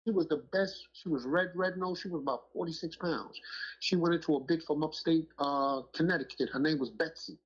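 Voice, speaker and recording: Husky middle-aged man, emphatic and slangy storyteller, muffled lo-fi sound. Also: fairly high pitch, fairly quick. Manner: emphatic, street slang, keeps asking "you know what I'm saying". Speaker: dog breeder on a podcast talk show. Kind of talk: casual storytelling chat. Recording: muffled lo-fi audio.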